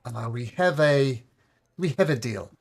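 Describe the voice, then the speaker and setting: A man voicing a nervous young male halfling merchant who stammers and pleads in a high voice. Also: lively intonation, measured pace, gravelly.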